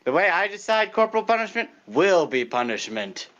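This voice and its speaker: Bright, lively man on a lo-fi mic. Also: high-pitched, brisk. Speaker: player. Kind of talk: playing a tabletop game.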